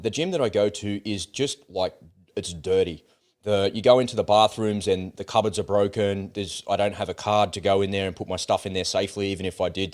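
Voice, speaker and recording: A man in middle age holds forth in a casual, blunt monologue. His voice sits fairly low, and he tells his story with lively, animated swings and the odd curse. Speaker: host of political commentary channel.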